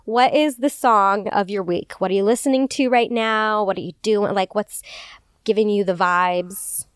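A woman's voice: mid-range voice, moderate pace, clean tone, no room sound, studio quality. A woman hosting a casual podcast, bubbly and gushing, saying "like" a lot. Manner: bubbly, gushing, heavy use of "like". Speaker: podcast host.

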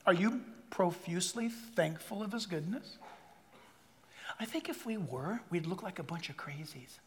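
Pastor, male, very high bright voice, animated emphatic sermon delivery, large reverberant hall, congregation laughing. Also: normal speed. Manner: animated, emphatic preaching with asides and quoted voices. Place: church hall before a congregation. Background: audience laughter.

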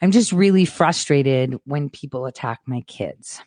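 A woman host delivering a frustrated ranting monologue, blunt and swearing freely, swinging between hushed mutters and loud boasts. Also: extremely low pitch, animated, unhurried, no room sound.

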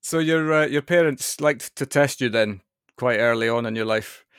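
A man's voice: medium pitch, moderate pace, a bit bright, clean tone, no echo, clean studio sound. A Scottish man from Scotland hosting a casual interview, chatty and friendly, with self-deprecating jokes. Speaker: podcast host.

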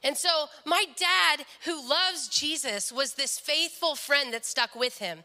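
A woman's voice: sits high, takes it slowly, sharp tone, long reverb tail. A young woman sharing a personal faith story in an earnest devotional talk, often quoting people in their own voices. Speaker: speaker sharing a testimony.

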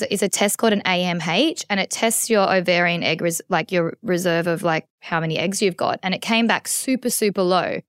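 A woman's voice: mid-range voice, a bit bright, clear, resonant tone, dry recording, studio quality. A woman, a guest in an interview, speaking candidly and with feeling, full of restarts and fillers. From Australia. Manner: candid and emotional, many restarts and "like"s. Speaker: podcast guest. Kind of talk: conversational interview.

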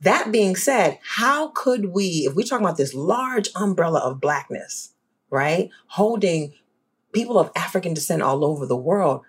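A guest scholar from New Orleans with a New Orleans accent, talking in an animated, emphatic way in a podcast conversation. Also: slightly rough. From New Orleans, USA. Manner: animated, emphatic, swings up high when excited.

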